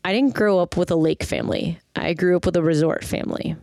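A young woman from Milwaukee in casual chat, telling animated stories and acting out what people said. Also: on the low side, quick pace, no room sound, clean studio sound. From Milwaukee, Wisconsin. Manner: animated storyteller, acts out quoted dialogue.

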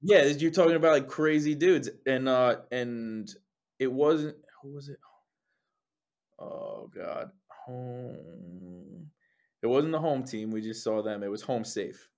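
Speaking slowly in a medium-pitched voice, a young New Jersey lead singer is the guest in a casual interview chat. He tells lively stories, swears frequently, and acts out what people said to him.

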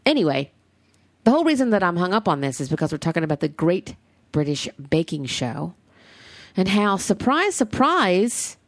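A woman's voice: on the low side, no echo. An American woman hosting a podcast, rambling and chatty in casual talk, swearing freely. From United States. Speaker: podcast host.

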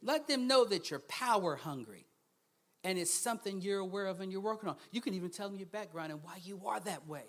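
A man preaching a sermon as a guest speaker, swinging between hushed asides and loud, emphatic bursts and laughing often. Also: sits high, lively intonation, a little fast.

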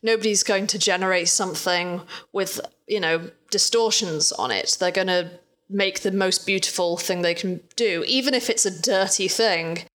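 A woman's voice: mid-range voice, moderate pace, a bit bright. A woman co-hosting a podcast, explaining visual effects work in a casual, explanatory way with dry, wry humor.

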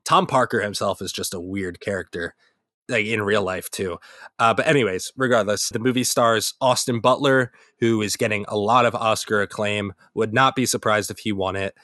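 Casual young male podcast co-host, low voice, loose rambling delivery, dry booth sound. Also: fairly even intonation, normal speed, a bit bright, no room sound. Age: young adult. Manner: rambling, self-correcting, laughs easily. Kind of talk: casual film review chat.

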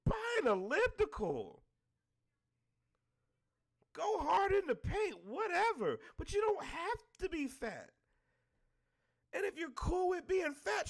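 High, gravelly-voiced man ranting. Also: huge pitch swings, slow pace, pauses often. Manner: blunt, exasperated, heavy swearing. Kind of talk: profane casual rant.

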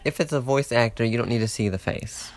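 A man's voice: mid-range voice, a little fast. A man in a casual chat with his partner, playful and teasing, laughing often. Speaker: partner in a couple's game session.

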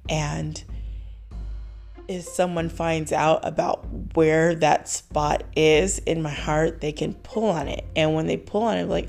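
A woman hosting a casual faith talk show, reflective and quick to laugh, acting out the lines she quotes. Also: deep voice, fairly even intonation, creaky, darkish tone, faint music behind. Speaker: podcast host.

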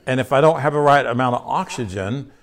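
A man's voice: mid-range voice, quick pace. A man preaching a sermon in a conversational way, asking his listeners questions and repeating key phrases. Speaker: pastor.

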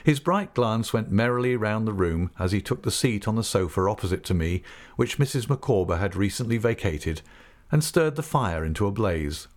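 Low-voiced man, expressive audiobook narration. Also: normal speed. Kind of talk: scripted first-person narration.

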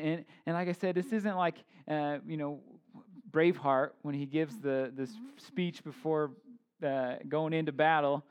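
A man in his thirties gives a relaxed, conversational sermon in a slightly high voice. He talks informally, slipping in jokes and asides, and restarts his sentences often. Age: 30s. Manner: informal, joking asides, many fillers and restarts. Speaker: pastor.

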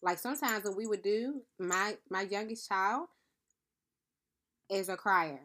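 A woman in a middle pitch speaks to her podcast listeners in a reflective, earnest monologue. She works through her thoughts out loud, calling listeners "beloved" and often checking in with a quick "right?". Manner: earnest, thinks aloud with frequent "right?" check-ins. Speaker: podcast host.

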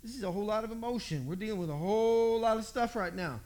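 A man's voice: sits high, fast, a little mellow. A man preaching a folksy storytelling sermon, acting out the voices in the story.

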